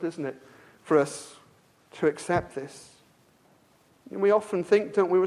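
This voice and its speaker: A man preaching a sermon, emphatic and repetitive, asking the congregation rhetorical questions and swinging between loud stresses and quiet passages. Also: sits high.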